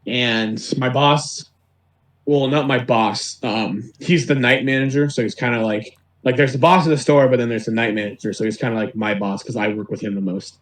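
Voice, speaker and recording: A young man, a podcast guest, telling retail stories in an animated way, laughing as he goes. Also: medium pitch, moderate pace. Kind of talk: casual podcast storytelling. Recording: echoey room.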